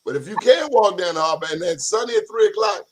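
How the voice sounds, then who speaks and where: Brief: male talk show co-host, slightly higher voice, playful and teasing, casual. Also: lively intonation, fast. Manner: joking, teasing. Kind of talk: casual chat.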